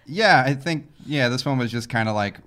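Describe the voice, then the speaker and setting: A man co-hosting a podcast, chatting casually with many pauses and fillers. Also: medium pitch. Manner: relaxed, hesitant with many fillers. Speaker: podcast co-host and musician. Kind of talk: casual chat.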